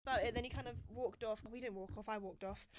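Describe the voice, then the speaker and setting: A woman's voice: a little high, fairly even intonation, fast talker. A woman co-hosting a podcast, telling stories in casual chat with a sarcastic streak and frequent laughter. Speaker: podcast co-host.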